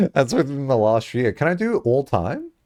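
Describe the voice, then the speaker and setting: A man chatting casually on a live stream, rambling and laughing often, jumping up high when excited, on a headset mic. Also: measured pace, no echo, studio quality.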